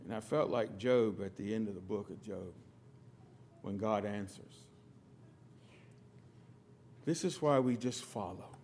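A middle-aged man from the United States preaching a sermon, telling stories with sudden loud emphatic bursts and quiet asides. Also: lowish voice, expressive, measured pace, long pauses. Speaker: pastor.

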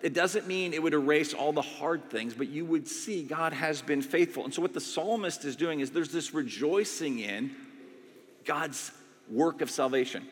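A man, a pastor in his thirties, preaching a conversational, energetic sermon to a congregation in a church and checking in with "all right?" as he goes. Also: on the high side, big-room sound. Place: church sanctuary.

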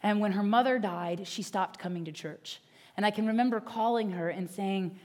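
A woman's voice: medium pitch, normal speed, darkish tone. A woman pastor giving a sermon in an earnest, conversational way.

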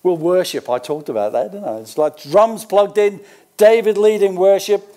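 High-voiced older Australian pastor preaching. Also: male voice, moderate pace, mellow. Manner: conversational, with folksy asides between scripture readings. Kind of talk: sermon.

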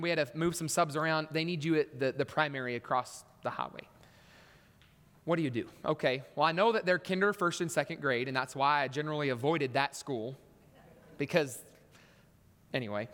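A man's voice: a little high, fairly bright tone, long reverb tail. A man preaching a sermon in a church, telling stories and acting out voices with punchy emphasis.

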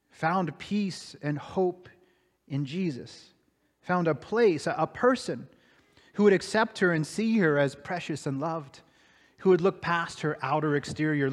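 High-voiced man preaching in a reverberant hall. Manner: dramatic storytelling, swinging between hushed and raised. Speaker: pastor. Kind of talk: sermon.

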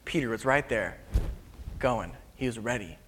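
A man preaching a storytelling sermon in a casual, conversational way, sometimes dropping to hushed tones, recorded in a large hall with a long reverb. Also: mid-range voice, animated, normal speed, a little hiss or hum.

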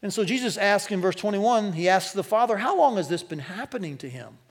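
A male pastor preaching a sermon to a church congregation, animated, his voice climbing as he quotes. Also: sits high, fairly quick. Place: church sanctuary.

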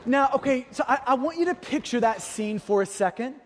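A man's voice: very high-pitched, animated, brisk, big-room sound, slight background noise. A man preaching a sermon, telling a personal story with vivid detail and rhetorical questions to the congregation. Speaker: pastor.

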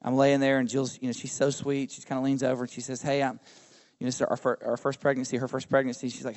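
Pastor, preaching conversationally. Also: male voice, mid-range voice, flat delivery, fast, a little mellow. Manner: conversational, addresses the congregation directly with questions. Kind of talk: sermon. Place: church service.

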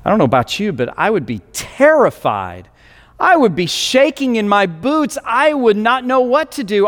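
A man's voice: sits high, a bit bright, big-room sound. A male pastor telling a scripture story in a sermon, with many restarts and fillers.

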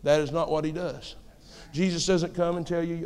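Male pastor, fervent sermon delivery, high voice, long hall reverb. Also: fairly even intonation, normal speed, clean tone. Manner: impassioned, rising to shouts.

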